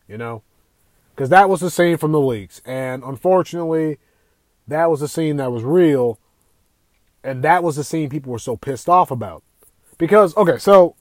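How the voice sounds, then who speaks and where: A young man hosting a casual gaming podcast, talking in an excitable, profane, rambling way. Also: fairly high pitch, no room sound. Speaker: podcast host.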